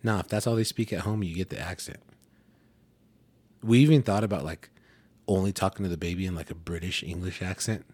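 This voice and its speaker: A man's voice: a little fast, pauses often, a little mellow, slightly rough, no room sound. A man chatting casually on a podcast, telling stories with plenty of swearing and acting out what people said. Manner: profane, storytelling, acts out quotes in a high voice. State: eating while talking. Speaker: podcast co-host. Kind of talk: casual chat.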